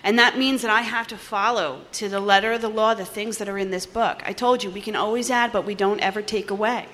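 A woman from New Jersey giving personal testimony at a recovery meeting, animated and acting out the voices in her story. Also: medium pitch, fairly quick. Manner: animated storytelling, acts out dialogue, laughs often.

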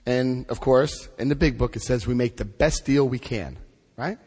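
Brief: lively male recovery speaker, medium pitch, big swings when quoting people, echoing hall. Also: moderate pace, slightly rough. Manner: animated, acts out dialogue with big pitch jumps. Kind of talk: personal storytelling talk. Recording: echoey hall.

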